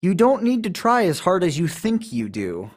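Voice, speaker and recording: A man's voice: high voice, huge pitch swings, normal speed. A man co-hosting a podcast, chatting casually and explaining how to do stage accents with a joking, teacherly manner. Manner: explains acting technique, jokey. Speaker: podcast co-host. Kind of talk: casual chat.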